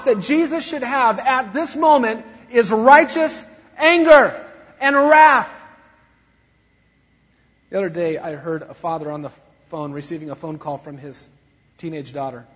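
A man preaching a sermon as a pastor, swinging from soft sorrow to loud fervor. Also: sits high, unhurried, pauses often, slightly rough. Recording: dull recording in a long-echo hall.

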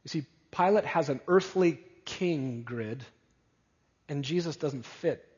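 A husky, fairly high-voiced male pastor preaching an expository sermon and stacking up emphatic repeated phrases. His voice carries a long reverb through a church hall, and the recording sounds dull. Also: slow, darkish tone. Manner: emphatic, building repetition.

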